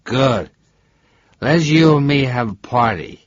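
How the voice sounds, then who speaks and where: A man's voice: medium pitch, expressive, takes it slowly, dry recording, pitched above the performer's own voice. A man doing a brash drunk American. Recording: dull lo-fi dry recording.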